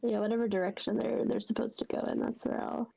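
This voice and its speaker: Gravelly, dark-voiced woman player. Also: mid-range voice, big pitch swings, quick pace, dull audio. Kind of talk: casual tabletop role-play.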